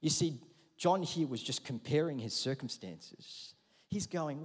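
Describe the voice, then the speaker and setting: Male pastor, fairly high voice, conversational sermon that builds to loud peaks, big hall reverb. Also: lively intonation, measured pace, breathy edge. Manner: conversational preaching, rising to loud emphatic peaks.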